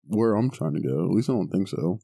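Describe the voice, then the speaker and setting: A man's voice: deep voice, lively intonation, brisk, creaky, mellow. A young man from the Pittsburgh area co-hosting a podcast in casual chat, swearing and laughing often. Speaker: podcast co-host.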